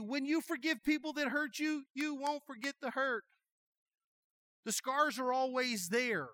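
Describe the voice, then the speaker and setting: High bright-voiced pastor preaching. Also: male voice, no room sound. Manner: folksy storytelling, animated, jokey asides. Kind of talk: sermon.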